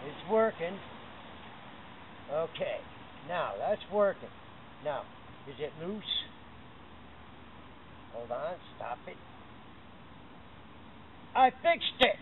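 High-voiced rambling New man swearing. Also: lively intonation, takes it slowly, long pauses. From Massachusetts, USA. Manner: rambling, swears often, explains step by step. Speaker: documentary subject. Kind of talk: unscripted talk while fixing a bike pedal. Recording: harsh phone-like camera audio with loud background noise.

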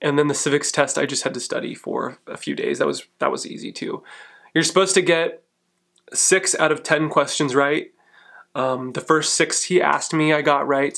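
A man in his thirties casually telling stories to the camera in a chatty, animated way, laughing often. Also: fairly high pitch, gravelly. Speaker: vlogger. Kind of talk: casual vlog storytelling.

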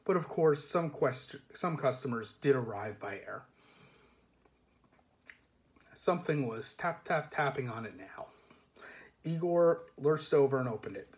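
Man reading a novel aloud. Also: medium pitch. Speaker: reader.

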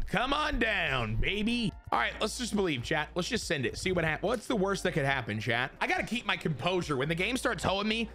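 A young man casually commentating his baseball video game to chat, excitable and crude, swinging between joking rants and hype. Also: fairly high pitch. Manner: crude, self-mocking humor.

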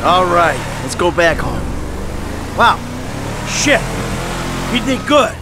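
A volatile middle-aged ex-criminal from a video game who flips between biting sarcasm and furious swearing. His voice sits high, with clear car and engine noise around him. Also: very animated, takes it slowly, heavily acted. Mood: gruff. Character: hot-tempered middle-aged male ex-criminal. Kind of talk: video game cutscene acting.

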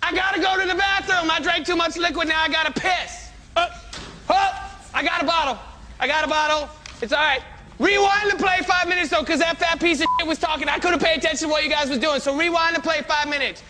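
A man playing a crude, loud president who heckles a play, shouting and swearing. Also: very high voice, steady tone, fairly quick. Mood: mocking. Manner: shouting, profane, taunting. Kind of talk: sketch comedy acting.

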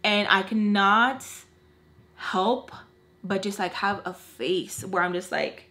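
Young woman rambling through a storytime, animated, does little voices for people. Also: mid-range voice, slow. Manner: chatty, animated, acts out quoted voices. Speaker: beauty vlogger. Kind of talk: storytime chat while doing makeup.

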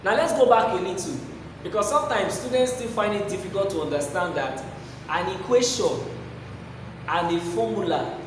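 In a classroom lesson, a high-pitched male maths teacher talks at a moderate pace, posing rhetorical questions and repeating key phrases. His voice comes from far off in an echoey hall, with slight background noise.

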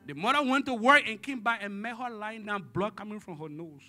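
A man preaching a sermon as pastor in a church service, dramatic, swinging from hushed tones to shouting and calling on the congregation for responses. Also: high voice, fairly quick, few pauses, faint music behind.

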